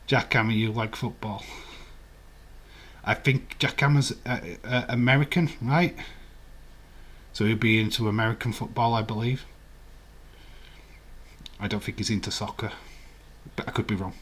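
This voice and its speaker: A man's voice: fairly low pitch, fairly even intonation, normal speed, long pauses, fairly bright tone, slightly rough. A man hosting a live stream, chatting casually and rambling while he answers viewer comments and laughs often. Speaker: livestream host. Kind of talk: casual live watch-along chat.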